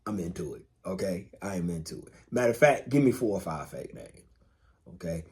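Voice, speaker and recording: A man's voice: deep voice, animated, fairly quick, darkish tone. A man co-hosting a podcast in casual chat, laid-back and emphatic, swearing freely and repeating phrases to drive a point home. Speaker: podcast co-host.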